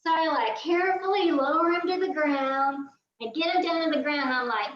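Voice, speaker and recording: A woman, a guest on a video call, telling a funny story in a lively way and acting out the voices. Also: high voice, normal speed. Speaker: guest quilter. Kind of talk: animated storytelling. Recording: roomy, distant, dull video call audio.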